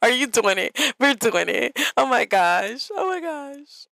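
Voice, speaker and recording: A woman's voice: fairly high pitch, steady tone, drawn-out words, smooth, no echo. A woman voicing a giddy young woman getting a marriage proposal in a life-sim game, gushing and repeating herself in breathless disbelief. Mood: giddy, overjoyed.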